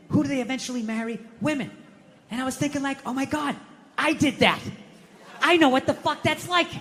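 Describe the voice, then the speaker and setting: Comedian guy ranting on stage, high sharp voice, big echoey hall. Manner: ranting, swearing, acts out quotes. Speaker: stand-up comedian. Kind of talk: stand-up routine. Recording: echoey hall with faint noise.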